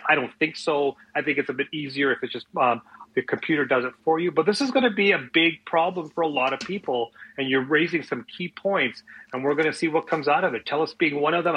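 A man's voice: mid-range voice, slightly rough, muffled recording. A man who works as a financial advisor, a regular guest on a radio show, giving business commentary in an easygoing, conversational way.

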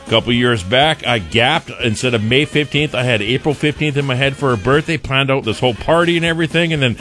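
A man hosting a morning radio show, telling a wry personal story in a casual, animated way. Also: medium pitch, fast talker, soft background music.

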